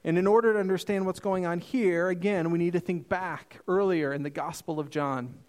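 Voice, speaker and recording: High-voiced earnest male preacher. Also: fairly even intonation. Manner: earnest, emphatic preaching with slowed quoted passages. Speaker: pastor. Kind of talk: sermon.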